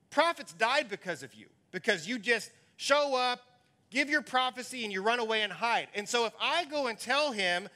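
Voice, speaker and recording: Pastor doing an anxious male servant, pleading, earnest, raised and bright. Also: full character voice. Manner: earnest, pleading, higher and louder.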